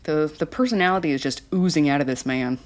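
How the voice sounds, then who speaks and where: A woman's voice: low-pitched, fast talker. A woman casually recapping a reality show, blunt, snarky and exasperated.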